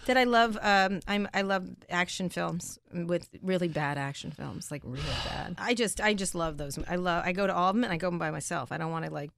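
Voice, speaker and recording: A middle-aged woman journalist talking bluntly and quickly in a casual interview, laughing often. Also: fairly low pitch, creaky, a bit bright, no room sound, clean studio sound. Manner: fast, blunt, laughs often, mimics people in stories. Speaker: interview guest, tech journalist.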